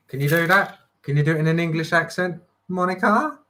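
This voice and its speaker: A man's voice: a little high, brisk, bright, forceful tone, a little hiss or hum. A man chatting playfully on a livestream, joking around and trying out silly accents. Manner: playful, jokey, breaks into song and silly accents. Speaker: co-host friend on stream. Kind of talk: casual livestream chat.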